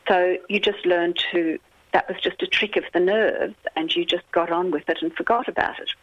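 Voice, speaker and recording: A woman's voice: lowish voice, steady tone, moderate pace, dry recording, dull audio, pitched above the performer's own voice, natural voice. A woman voicing a decorated male war veteran scientist, offhand and reassuring. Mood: breezy.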